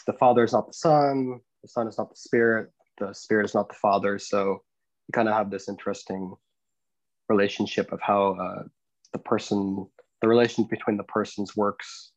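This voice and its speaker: A man's voice: on the low side, steady tone, no room sound, dull audio. A young man co-hosting a casual podcast, explaining things hesitantly and restarting his sentences often. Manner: hesitant, many restarts and fillers, explaining slowly. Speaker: podcast co-host.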